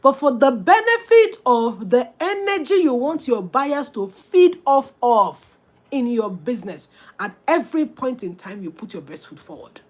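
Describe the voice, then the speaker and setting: A woman coaches business owners in a motivational talk, with an emphatic, preachy delivery. She speaks straight to her listeners. Her voice sits a little high for a woman. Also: very animated, a little slow, a little mellow. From Africa.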